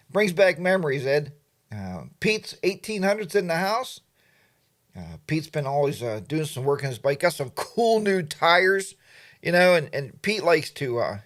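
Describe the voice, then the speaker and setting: A middle-aged man hosting a casual livestream, chatty and playful, greeting viewers by name. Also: on the high side. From Pennsylvania, USA. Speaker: livestream host. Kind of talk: casual live chat.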